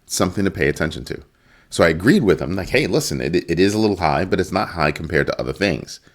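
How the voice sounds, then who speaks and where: A middle-aged man giving casual solo commentary, emphatic and animated, acting out quotes and breaking into sudden high exclamations. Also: quick pace. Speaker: crypto news commentator.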